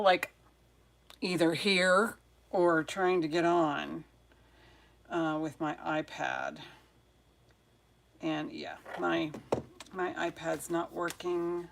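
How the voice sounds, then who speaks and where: A woman muttering through tech trouble hosts a live jewelry sale, chatting casually in a flustered way before saying hi to viewers one at a time. Her voice sits on the low side, gravelly and steady, very slow with frequent pauses.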